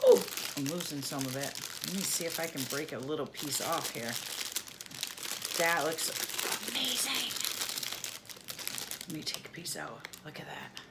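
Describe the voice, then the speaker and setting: Woman vlogger, from New York State, candy taste test, slow drawn-out talk, humming while chewing. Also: medium pitch, heavy background noise. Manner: slow, savoring, lots of happy humming.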